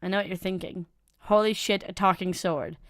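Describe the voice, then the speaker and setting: A woman's voice: mid-range voice, steady tone, moderate pace, fairly bright tone, no echo, studio quality, close to an everyday voice. A woman voicing a snarky, blunt female talking katana in a game, brusque and teasing. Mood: coaxing.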